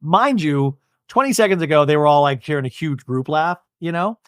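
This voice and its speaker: A man's voice: on the high side, expressive, brisk, clean tone, dry recording, studio quality. A young man hosting a podcast, chatting in a gossipy, tired way. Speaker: podcast host. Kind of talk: casual chat.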